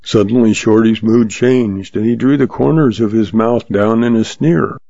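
A man reads a western story aloud at a steady, unhurried pace. His low voice is gravelly and dark. The recording is dull and completely dry. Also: no echo. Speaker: narrator. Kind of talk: audiobook narration of a western.

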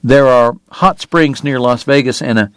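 A man voicing a weary, tender dying gentleman. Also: medium pitch, normal speed, dry recording, lightly acted. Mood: plain. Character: frail, gentle Southern gentleman dying of illness. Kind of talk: audiobook character voice.

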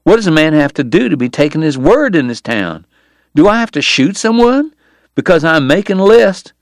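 A skinny, coughing frontier dentist, quick to take offense and stubbornly insistent, as a male narrator puts him on. The voice sits higher than the reader's own and presses every point. It is read close and dry, with no room around it, like a storybook audiobook. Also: sing-song, dry recording. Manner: indignant and insistent. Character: skinny coughing Southern dentist, proud and touchy, adult man.

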